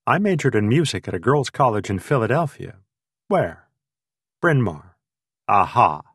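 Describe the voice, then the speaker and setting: A man's voice: fairly low pitch, big pitch swings, measured pace, slightly rough, no room sound, studio quality, full character voice. A male narrator voicing a wry young American woman who teases with short, probing questions. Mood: teasing.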